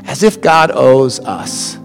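A male pastor preaching a sermon, swinging between loud passionate emphasis and hushed quiet stretches, often repeating words as he starts a phrase. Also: medium pitch, very animated, slow, gravelly, in a large hall, soft background music.

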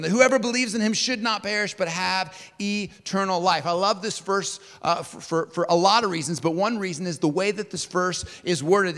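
A man preaching a sermon in a large church hall, telling stories with big swings in loudness and pitch. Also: fairly quick, hardly any pauses. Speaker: pastor. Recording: long hall reverb.

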